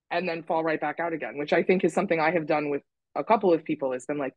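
A woman's voice: low-pitched, fast, no room sound, highs cut off. A woman guesting on a podcast, talking candidly and critically about herself, with some swearing for emphasis. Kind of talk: candid conversational chat.

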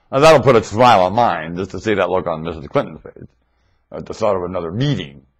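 A man rambling excitedly into his webcam microphone, jumping between thoughts. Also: low-pitched, a little fast, husky, low-quality recording. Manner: rambling, excitable, often laughing.

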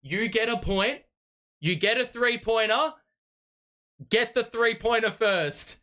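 A young man hosting a live fan watch party, calling the plays as an excitable, exasperated fan who swears freely. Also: very high-pitched, slow pace. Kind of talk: live fan play-by-play commentary.

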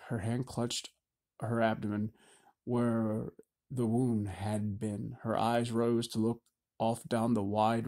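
Mellow-voiced male audiobook narrator. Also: mid-range voice. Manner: steady, measured reading. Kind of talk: scripted fantasy narration.

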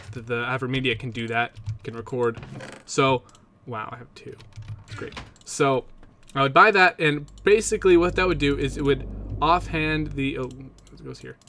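A young man who makes Minecraft let's plays talks straight to his viewers in a casual vlog about PC hardware, rambling and cutting himself off as he goes. His voice is medium-pitched and fairly bright, with slight background noise.

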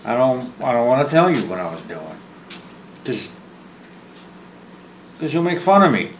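Here a man talks to the camera while on the phone, only his side audible, full of jokes, self-mockery, rambling and repeated, restarted words. His voice is mid-range with large pitch movement, delivered at a measured pace. Slight background noise and faint ambience fill the roomy recording.

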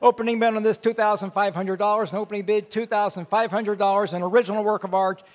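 High-voiced auctioneer in a reverberant hall. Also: male voice, fairly even intonation. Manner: rapid repetitive bid calling. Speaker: charity auctioneer. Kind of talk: live auction calling. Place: large event hall.

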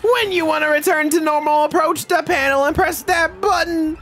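A man voicing a cruel, theatrical demon from a video game, gloating over his victim with drawn-out taunts and shouts. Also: very high voice, soft background music, pitched above the performer's own voice. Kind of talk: video game dialogue read-along.

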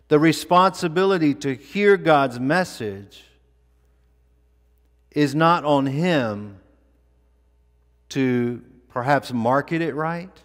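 A male pastor preaching a sermon in a church, with deliberate, emphatic delivery and repeated phrases for weight. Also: a little high, long reverb tail. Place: church sanctuary.

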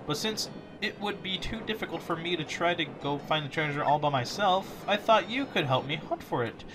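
A man voicing Princess Peach, sweet and high. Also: expressive, normal speed, background noise, close to an everyday voice. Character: gracious young princess writing a letter.

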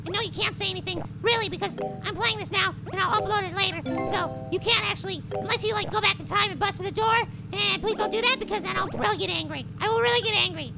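A man voicing a tiny, excitable male cartoon apple who plays a mobile game, with frustrated outbursts and silly alliterative exclamations. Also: very high voice, quick pace, creaky, few pauses. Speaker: let's play gamer. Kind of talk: cartoon character game commentary. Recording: loud music under the voice.

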